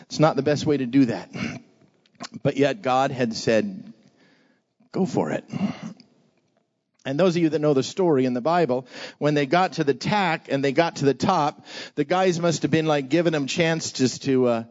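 A fairly high-voiced man preaches an energetic sermon to children in a church hall. He draws the crowd into call-and-response between stories. The recording sounds dull and lo-fi. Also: normal speed. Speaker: pastor.

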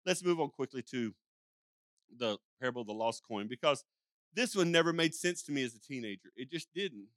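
Folksy older male preacher, bright voice. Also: mid-range voice, expressive, a little fast, no room sound. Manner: folksy storytelling, acts out voices and sheep sounds; rambling with frequent restarts and asides. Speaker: pastor. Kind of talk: sermon.

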